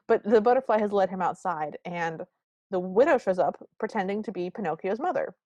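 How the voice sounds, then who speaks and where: A woman's voice: medium pitch, expressive, a little fast, mellow, dry recording. A woman co-hosting a podcast, recapping a film in casual chat with sarcastic comic asides. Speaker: podcast co-host.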